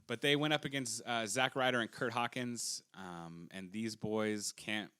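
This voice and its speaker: A young man co-hosting a casual wrestling podcast, blunt and opinionated, sometimes dropping low and flat. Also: unhurried, clean tone. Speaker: podcast co-host. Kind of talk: casual chat.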